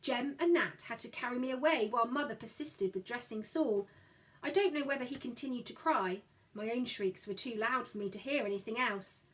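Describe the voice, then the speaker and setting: Expressive woman reading a storybook. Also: a little high, a little fast, poor audio. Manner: expressive, voices the characters. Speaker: audiobook narrator. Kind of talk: first-person storybook narration.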